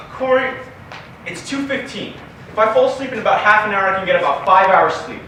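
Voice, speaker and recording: A man's voice: high voice, expressive, normal speed, bright, forceful tone. A young man playing a tired, exasperated young husband who is a lawyer, speaking in a dry, weary way with sighs. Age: young adult. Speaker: student actor. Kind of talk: stage acting in a class play. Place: classroom stage. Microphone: distant camera. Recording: echoey room from far off, faint noise.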